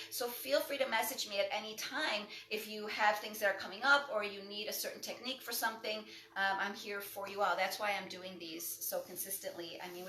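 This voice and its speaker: Female breath coach, slightly high and bright, warm-hearted live class talk in a roomy space. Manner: encouraging, conversational, lots of "right?". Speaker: breathwork instructor. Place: indoor room, livestream.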